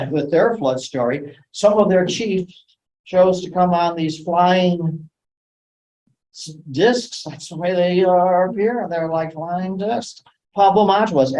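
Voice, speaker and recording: A man's voice: sits high, darkish tone, low-quality recording. A man giving a rambling lecture talk, with many hesitations and restarts. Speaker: guest speaker. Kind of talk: lecture talk on sacred sites and ancient myths.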